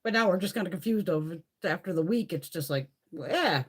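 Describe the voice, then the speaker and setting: A woman's voice: lowish voice, quick pace, breathy edge. A woman casually chatting on a live beauty stream, rambling and swearing a lot. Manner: chatty, laughs often.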